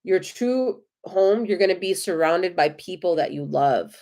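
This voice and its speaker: A woman with an American accent giving tarot readings on a live stream, gentle, effusive and reassuring. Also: lowish voice, animated, measured pace. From United States. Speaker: tarot reader.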